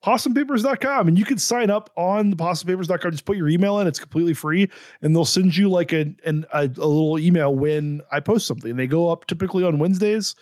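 A male podcast guest whose voice sits a little higher than usual. He jokes in a wry, deadpan way, and the sound is close and dry with no room around it. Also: fast talker, no echo. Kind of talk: casual podcast chat.

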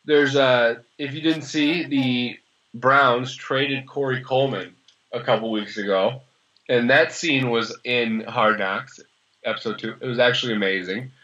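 Bright-voiced young man, sarcastic sports chat. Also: medium pitch, fairly even intonation. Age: early 20s. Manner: rambling, sarcastic, quick to laugh. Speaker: podcast co-host. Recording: slightly dull lo-fi sound.

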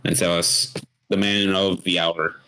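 A man's voice: deep voice, little pitch movement, a little slow, sharp tone, a little hiss or hum, poor audio. A man co-hosting a podcast, chatting in a playful, laughing way. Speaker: podcast co-host. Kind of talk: casual podcast chat.

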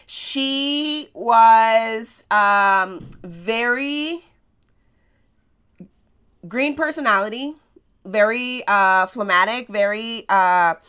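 A woman with an American accent and Spanish as her first language hosts a podcast in an unhurried, bright voice that sits a little high. She tells stories and tosses out rhetorical questions, laughing at herself along the way. It is a casual motivational monologue. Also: clear, resonant tone. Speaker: podcast host.

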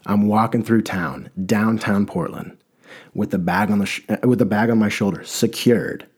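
A young man telling a rambling comic story in a deadpan way, stammering and restarting often. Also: lowish voice, moderate pace, breathy edge.

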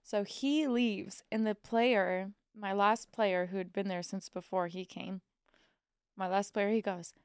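Young woman co-host from Missouri, chatty storyteller with a raspy fry, dry studio sound. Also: mid-range voice, steady tone, unhurried, no echo. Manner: chatty storyteller, acts out quotes, swears freely. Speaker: podcast co-host. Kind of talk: casual chat.

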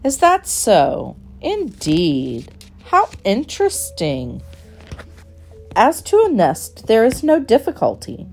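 Sly fox gent all smooth manners, woman putting it on, swoopy and up high, soft music under it. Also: wildly swooping pitch, slow, full character voice. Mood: suave. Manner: smooth, courteous, insinuating. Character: polite sly male fox gentleman, bushy-tailed.

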